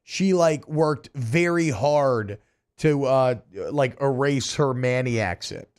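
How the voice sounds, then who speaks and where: A man co-hosting a sports radio show, quick and wry, mixing jokes with analysis. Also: mid-range voice, a little mellow, smooth. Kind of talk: casual sports radio banter. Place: radio studio.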